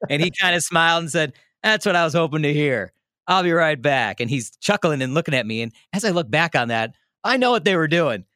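A man's voice: fairly high pitch, fairly quick, no room sound. Chatty man telling a story, dry close sound. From Milwaukee area, United States. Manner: animated, laughing, chatty with many restarts. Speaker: radio host telling a story as a podcast guest. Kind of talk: casual storytelling.

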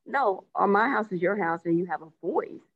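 Caller: woman, mid pitch, earnest storyteller, dull lo-fi line. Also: lively intonation, moderate pace. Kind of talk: casual group call.

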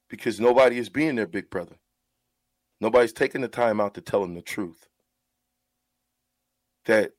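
A man's voice: mid-range voice, no echo. A man who is a radio show host, talking in an earnest, heartfelt way about mentoring and often repeating his words as he goes.

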